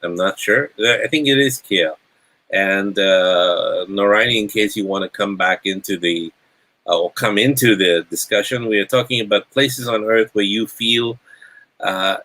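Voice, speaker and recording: A man's voice: on the low side, a bit bright, rough recording. A man hosting a casual group discussion, often stammering and restarting as he tells a story. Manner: hesitant, stammering restarts, laughs while telling stories. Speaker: host. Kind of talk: casual chat.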